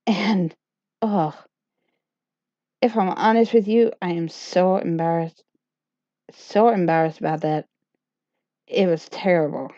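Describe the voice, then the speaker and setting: Slow rambling comic woman storyteller. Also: on the low side, warm tone, no room sound. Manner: rambling, self-deprecating, playful. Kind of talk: comic first-person storytelling. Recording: dull lo-fi dry recording.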